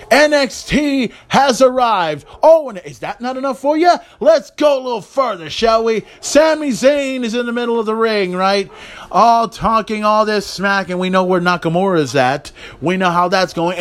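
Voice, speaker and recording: A man hosting a solo podcast in an excited recap style, swearing freely and shouting on big moments. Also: high-pitched. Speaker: podcast host.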